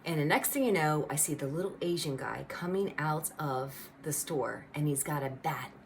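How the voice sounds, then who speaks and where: A middle-aged woman telling a personal faith testimony in a lively, chatty storytelling way. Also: low-pitched, moderate pace, creaky, slight background noise. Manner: animated, conversational storytelling with lots of "like" and "you know". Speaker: speaker giving a personal testimony.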